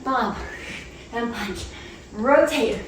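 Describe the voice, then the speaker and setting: A woman fitness instructor talks through a home cardio workout, chatty and upbeat and out of breath. Her voice sits high. She is caught from a distance by the camera, in an echoey room at home. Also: expressive, drawn-out words, a little hiss or hum. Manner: upbeat, chatty, laughs between cues. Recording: roomy, off-mic home recording.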